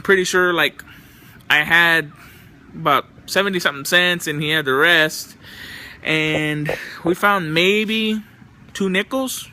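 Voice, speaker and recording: Bright, profane young man telling stories. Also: sits high, clean tone. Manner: loose, profane, exasperated anecdotes. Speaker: vlogger. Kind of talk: casual storytelling.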